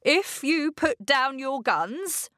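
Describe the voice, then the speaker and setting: A woman reading as calm fatherly Mister Gregg. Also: sits high, no echo, clean studio sound, voice pushed up, full character voice. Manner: slow, careful read-aloud delivery. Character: fatherly man, calm and resourceful.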